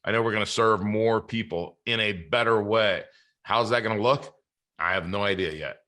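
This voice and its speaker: A man's voice: on the low side, moderate pace, bright, forceful tone. A man hosting a podcast in casual interview chat, earnest and faith-filled, often restarting his sentences. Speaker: podcast host.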